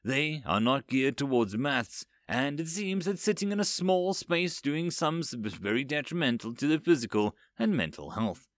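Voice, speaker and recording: A man's voice: mid-range voice, animated, moderate pace, few pauses, no echo, pitched above the performer's own voice, close to an everyday voice. Cheerful robot researcher, explains keenly, read by a male narrator, dry close mic. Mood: eager. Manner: eager, explanatory. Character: curious, cheerful machine scientist studying humans.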